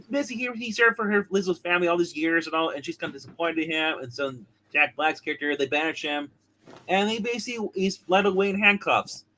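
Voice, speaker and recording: A man's voice: sits high, sharp tone, a little hiss or hum, low-quality recording. A man co-hosting a casual TV review show, rambling with many restarts and rants. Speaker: co-host of a show reviewing comics and TV.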